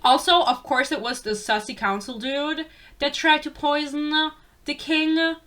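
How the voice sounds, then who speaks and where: A young woman talks through a book in a loose, rambling rant, sarcastic and quick to swear. Her voice sits a little high and sounds bright and sharp. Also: steady tone. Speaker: book reviewer.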